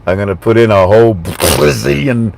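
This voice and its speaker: A man doing an impression of a boastful male president in a low, murmured, offhand voice. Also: lively intonation, normal speed, creaky, a little mellow, slight background noise. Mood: scheming.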